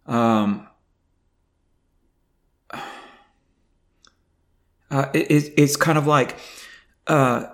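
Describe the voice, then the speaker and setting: An older man talking to the camera in a personal video diary, halting and emotional, with many fillers and restarts. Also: mid-range voice. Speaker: vlogger.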